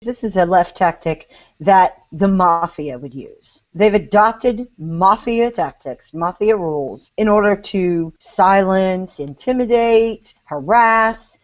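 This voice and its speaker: A woman's voice: medium pitch, animated, slow pace. A woman co-hosting a casual podcast, playful and teasing. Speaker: podcast co-host. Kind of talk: casual panel chat. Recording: dull lo-fi audio.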